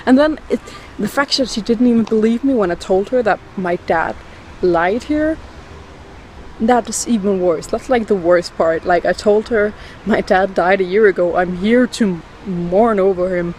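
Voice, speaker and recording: Brief: indignant, foul-mouthed woman vlogger, mid-pitched voice, faint traffic hum outdoors, phone at arm's length. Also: normal speed, darkish tone. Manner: indignant, heavy swearing, ranting. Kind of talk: casual vlog rant. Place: outdoors in a cemetery. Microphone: phone held at arm's length.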